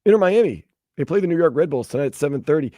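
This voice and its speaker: A man's voice: a little high, rapid-fire. A man hosting a sports radio show, chatting casually and animatedly about headlines. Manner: chatty, animated, acts out quoted people in raised voices.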